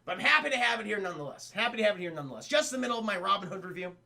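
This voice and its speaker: A young man casually recapping a film on a live stream, excitable and profane, constantly talking to his chat. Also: high-pitched, racing, gravelly.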